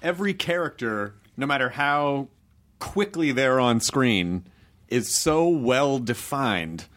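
A man's voice: medium pitch, expressive, slow, a bit bright. A man interviewing a guest in a casual chat, reacting eagerly with short exclamations.

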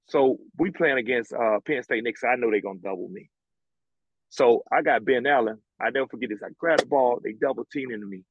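A man's voice: mid-range voice, a little fast, slightly rough, no echo, muffled recording. A man, a former college basketball player telling stories bluntly and with lots of swearing in an interview. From American South. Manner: blunt, profane, animated storytelling. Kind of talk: casual storytelling interview.

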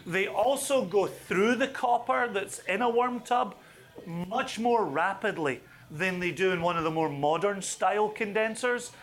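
A man leading a whisky tasting for a live audience, chatty and enthusiastic with quick asides. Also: high voice, a bit bright.

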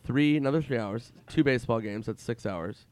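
A male comedian telling animated stories in casual chat, swearing freely. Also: medium pitch, fairly quick, dry recording. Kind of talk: casual podcast storytelling.

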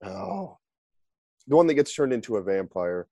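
A man's voice: medium pitch, sing-song, moderate pace, creaky, mellow, breathy edge, dry recording. A man in his forties, a podcast guest chatting casually over a remote call and joking in silly voices. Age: 40s. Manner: rambling, acts out silly voices for jokes. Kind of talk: casual chat.

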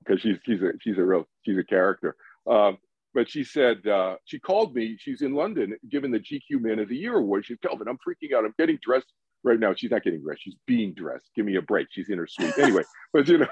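In a dry, dull-sounding recording, a man speaks at medium pitch with a slightly rough voice. He is an animated guest on a podcast, a meditation teacher who performs quotations and asks questions he doesn't expect answered.

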